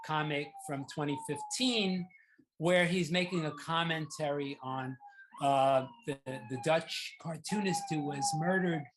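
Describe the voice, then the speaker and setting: A man giving an informal slide lecture on art, rambling and conversational with many fillers and restarts. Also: on the high side.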